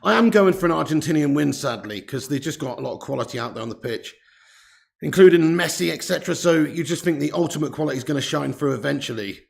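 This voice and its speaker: Excitable man with a gravelly voice. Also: fairly high pitch, fast. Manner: excitable and chatty, casual swearing, greets chat viewers. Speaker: host of football watch-along stream. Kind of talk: live football watch-along commentary.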